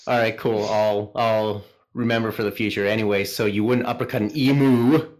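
A man's voice: on the low side, steady tone, moderate pace, darkish tone. A man hosting a podcast in casual chat, swearing freely as he asks his questions. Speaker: podcast host.

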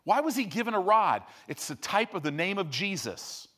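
Lively high-voiced male preacher. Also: normal speed. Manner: animated storytelling with acted-out quotes. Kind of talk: sermon.

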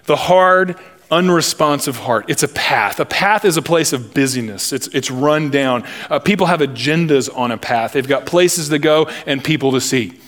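A male pastor preaching a sermon, emphatic and deliberate, with humorous asides. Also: fairly high pitch, a bit bright.

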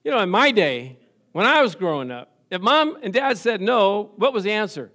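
A man's voice: high voice, big pitch swings, moderate pace, sharp tone. A middle-aged man preaching a sermon in a church, chatty, acting out quoted voices, chuckling often and calling for amens. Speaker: pastor.

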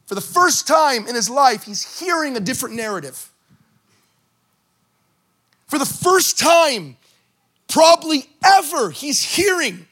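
Male pastor, animated sermon delivery, high bright tenor, acts out scenes. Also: measured pace, pauses often. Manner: animated preaching, acting out Bible scenes with shouts and joking asides.

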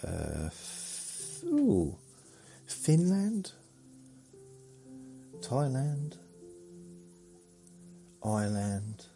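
Male host, gravelly and unhurried, meandering bedtime ramble that trails off. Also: mid-range voice, huge pitch swings, mellow, faint music behind. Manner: meandering, muttered asides, trails off. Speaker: sleep podcast host.

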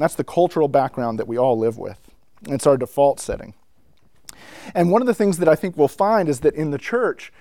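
Man telling a story to church musicians, slightly high voice. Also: no echo, clean studio sound. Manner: storytelling, frequent asides, builds up excitement. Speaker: speaker addressing church musicians. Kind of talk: conversational teaching talk. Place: indoor room with a whiteboard.

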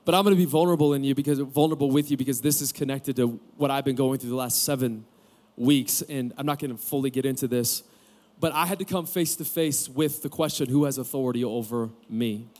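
A man's voice: mid-range voice, fairly quick, a little mellow. A pastor in his forties preaching a candid sermon, telling a personal story with joking asides to a live audience. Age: 40s. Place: camp gathering room with audience.

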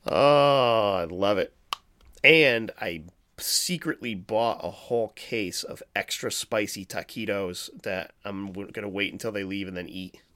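Male podcast host, slightly low voice, casual, laughs a lot, swears. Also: a little slow, pushed and bright. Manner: laughs often, swears freely.

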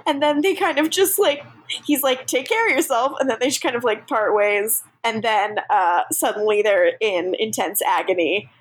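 A woman co-hosting a podcast in casual chat, gushing and swearing as she quotes characters in quick bursts. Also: a little high. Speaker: podcast co-host.

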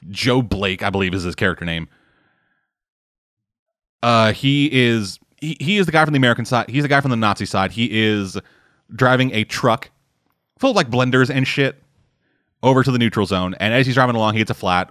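A man's voice: medium pitch, lively intonation, moderate pace, long pauses, a bit bright, no echo, studio quality. A man in casual chat who rambles, swears often and fills his talk with "like" and "uh". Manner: rambling, swearing, lots of fillers.

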